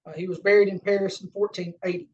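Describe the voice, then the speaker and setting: A man's voice: high-pitched, flat delivery, darkish tone. Southern guy giving a lodge talk, lots of uh and um, mic far off and kinda muffled. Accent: Southern American. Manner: halting, many fillers and self-corrections. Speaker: lodge education lecturer. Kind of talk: unscripted lecture with slides. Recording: distant, dull lo-fi room recording.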